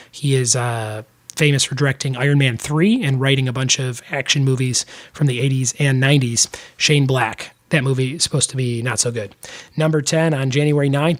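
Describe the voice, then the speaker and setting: A young man hosting a solo trivia podcast in a casual, chatty way, cracking joking asides between the answers. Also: medium pitch.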